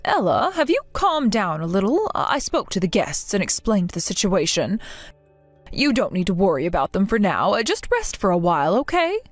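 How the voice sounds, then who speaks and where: A woman voicing a gentle middle-aged mother who talks in a soothing, reassuring way. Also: medium pitch, big pitch swings, moderate pace, soft background music, close to an everyday voice.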